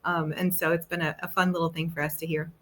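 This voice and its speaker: A woman, a parent guest on a podcast, chatting casually in a relaxed, slightly hesitant way. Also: low-pitched, fast talker, a little hiss or hum. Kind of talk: casual interview chat.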